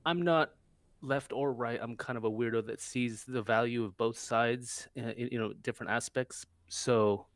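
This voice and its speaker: A man from the United States speaks as a guest in a casual chat. His voice sits in a middle range and sounds dry and close. He talks haltingly, often restarting his sentences. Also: medium pitch, steady tone, no room sound.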